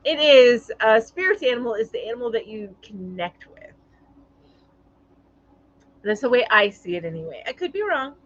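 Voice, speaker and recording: A woman's voice: fairly high pitch, sing-song, moderate pace, long pauses, muffled recording. A woman hosting a casual live-stream chat, reading viewer comments aloud in a chatty way with lots of fillers.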